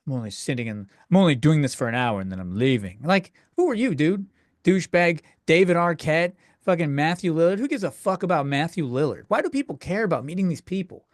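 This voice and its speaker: Ranting man, higher voice, dry sound. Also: no echo. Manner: crude, exasperated ranting with frequent self-interruptions. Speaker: podcast host. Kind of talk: solo comedy podcast rant.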